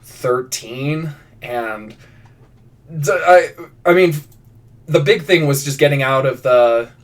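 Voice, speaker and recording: Speaking slowly at medium pitch, a fiction writer live-streams his writing session. He rambles through viewer prompts casually, restarting frequently and adding self-deprecating asides. His voice is somewhat far from the mic.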